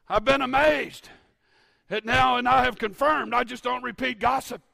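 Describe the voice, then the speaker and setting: Fifties male pastor, gravelly fry, dry close sound, fervent preacher swinging from shouts to quiet asides. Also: very high voice, dry recording. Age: 50s. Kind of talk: sermon.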